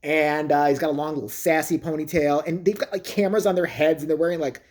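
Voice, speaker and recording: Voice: mid-range voice, fairly even intonation, quick pace, darkish tone. A vlogger ranting crudely and mockingly, swearing often in a comedic monologue. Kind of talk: profane comedic rant.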